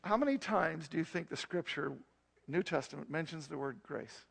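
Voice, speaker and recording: High, gravelly-voiced preacher. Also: male voice, moderate pace, a bit bright. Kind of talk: sermon with dramatic storytelling.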